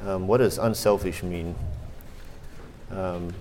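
Hesitant deep-voiced man teaching children. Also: fairly even intonation, slow pace, darkish tone, slight background noise. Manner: hesitant, many ums and restarts, clears throat. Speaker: church children's lesson teacher. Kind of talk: children's lesson and story reading.

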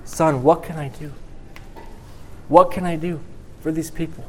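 A man's voice: a little high, fairly even intonation, unhurried, mellow, a little hiss or hum, pitched above the performer's own voice, close to an everyday voice. A man preaching who voices God the Father as a grieving older man asking what he can do, his tone pleading and tearful.

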